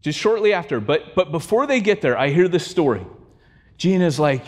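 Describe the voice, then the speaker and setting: A man preaching a sermon, telling a story in an animated way and joking with his congregation. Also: a little high, normal speed. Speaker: pastor. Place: church sanctuary. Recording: long church hall reverb.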